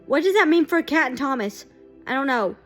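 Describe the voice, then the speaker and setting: High-voiced, gushing woman reacting. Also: a little fast, soft background music. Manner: gushing, excitable, exclaiming. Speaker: TV reaction vlogger. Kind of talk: excited reaction commentary.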